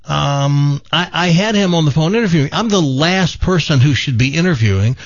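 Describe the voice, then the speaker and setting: Man, radio host, animated storyteller, dull dry studio audio. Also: on the high side, moderate pace, dry recording. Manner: animated, laughing storyteller with restarts. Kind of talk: casual radio talk, storytelling. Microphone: studio mic with headphones.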